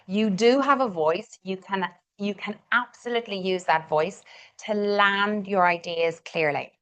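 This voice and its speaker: A woman's voice: medium pitch, fairly bright tone, highs cut off. A middle-aged woman with a Northern Irish accent, leading a live communication coaching session in an encouraging way and repeating words for emphasis.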